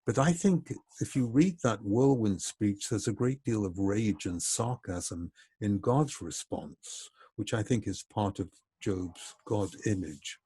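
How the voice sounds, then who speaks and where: Low, husky-voiced male lecturer. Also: animated, dark tone, no echo, clean studio sound. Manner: measured, thoughtful explaining. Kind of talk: recorded lecture.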